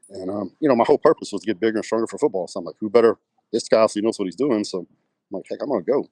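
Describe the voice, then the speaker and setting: Middle-aged texan guy telling stories quick, dry close mic. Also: on the low side, darkish tone, no room sound. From West Texas. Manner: rambling anecdotes with many fillers, acts out quoted dialogue. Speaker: guest, pro bodybuilder. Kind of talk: casual storytelling interview.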